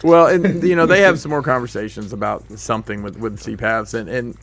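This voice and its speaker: A man's voice: mid-range voice, fairly quick, a bit bright, soft background music. Laughing man telling a long story. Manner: rambling, laughing storyteller with many restarts. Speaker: podcast host. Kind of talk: casual storytelling chat.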